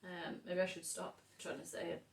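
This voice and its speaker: A woman from the United Kingdom, a vlogger, chats casually indoors at home in a fairly low, monotone voice with vocal fry and a moderate pace. She rambles and often sinks to a murmur, recorded roomily from a distant camera mic.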